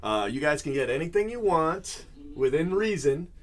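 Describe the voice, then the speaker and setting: A man's voice: fairly high pitch, expressive, normal speed. A man hosting a card-break livestream, chatting casually in a teasing, rambling way.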